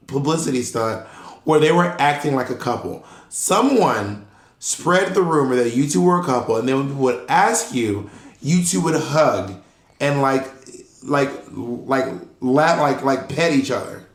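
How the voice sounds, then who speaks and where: A man co-hosting a podcast in casual chat, an animated storyteller who acts out the people he quotes. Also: mid-range voice, a little slow. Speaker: podcast co-host. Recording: roomy echo.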